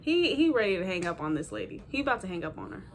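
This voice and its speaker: A woman's voice: medium pitch, sing-song, fast. A woman hosting a reaction video, giving blunt, mocking casual commentary between clips.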